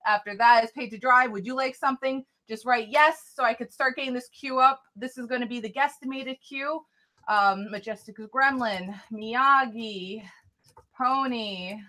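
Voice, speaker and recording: A woman's voice: on the high side, a little slow, pushed and bright. A woman chatting casually on a live stream, reading out viewer names, thanking viewers and apologizing a lot. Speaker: live-stream tarot reader.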